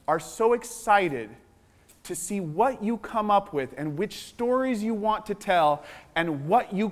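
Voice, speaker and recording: Pitched high, this man plays a guest children's author at a school assembly, spinning an adventure tale for the children with lively, playful energy.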